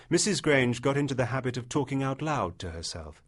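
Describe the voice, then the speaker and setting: A man narrating a literary short story as an audiobook, in a measured storytelling manner. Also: medium pitch, big pitch swings.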